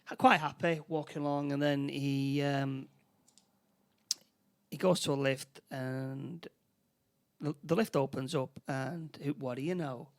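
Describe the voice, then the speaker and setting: A man with a Northern English accent, co-hosting a podcast and retelling a film plot in a halting, restarting way. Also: medium pitch, steady tone. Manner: halting, many restarts, acts out character lines. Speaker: podcast co-host. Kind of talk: casual film recap chat.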